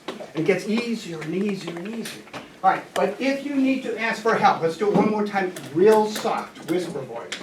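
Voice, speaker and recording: A woman teaching a class, coaxing answers from students with questions. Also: mid-range voice. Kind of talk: classroom lesson. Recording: echoey classroom from far off, noisy.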